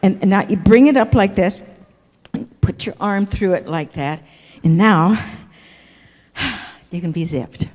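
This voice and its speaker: A woman's voice: mid-range voice, slow, pauses often, a little mellow. An older woman telling a comic anecdote on an auditorium stage, acting out the gestures as she goes and often asking "see?". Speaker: stage performer. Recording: echoey auditorium with long reverb.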